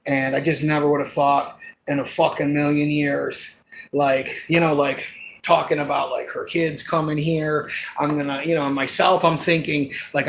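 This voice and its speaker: Gravelly, profane man in his forties venting. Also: a little high, slight background noise. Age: 40s. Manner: angry, profane, rambling with many fillers. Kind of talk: emotional venting monologue.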